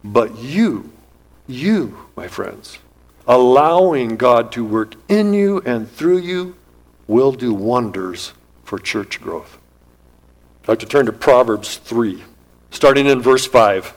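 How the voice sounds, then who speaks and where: A man's voice: medium pitch, lively intonation, slow pace, rough recording. A man preaching a sermon in an earnest, emphatic style, his voice rising and dropping as he speaks. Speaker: pastor.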